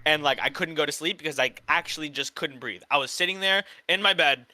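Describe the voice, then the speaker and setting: Bright, crisp young man rambling. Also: on the high side, fairly quick, dry recording, rough recording. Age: 20s. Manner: rambling, chatty, trails off quietly. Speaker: student player being coached. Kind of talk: casual chat.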